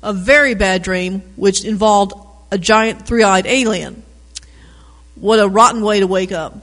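High-voiced man reading a picture book. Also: unhurried, big-room sound. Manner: animated storybook reading, chatty asides. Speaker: reader.

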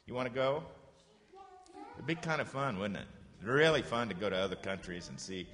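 A man's voice: fairly low pitch, expressive, a bit bright. Patient man teaching children in an echoey room. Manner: patient, encouraging, repeats phrases slowly. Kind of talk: classroom lesson for children.

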